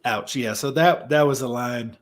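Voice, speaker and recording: A man's voice: mid-range voice, normal speed. A young man, a musician and guest, reflecting in a casual talk about faith and laughing easily.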